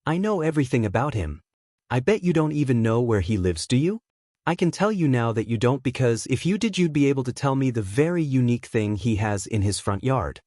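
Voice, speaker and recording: A blunt, sarcastic teenage boy voiced by a man speaks in a flat, deadpan tone with a cutting edge. The voice sits at an ordinary middle pitch. It is recorded close and dry. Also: a little fast, no echo, close to an everyday voice. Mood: deadpan anger.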